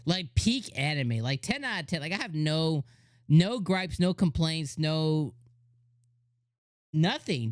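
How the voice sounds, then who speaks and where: A man giving a casual anime episode review, excitable and laughing often, with lots of "like" fillers. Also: a little high, no echo, clean studio sound.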